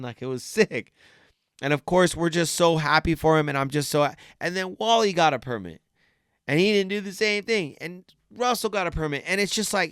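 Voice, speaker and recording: A man hosting a podcast, talking in a rambling, excited way, swearing often and laughing between stories. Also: a little high, normal speed, clean tone, no room sound, studio quality. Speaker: podcast host. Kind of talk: casual chat.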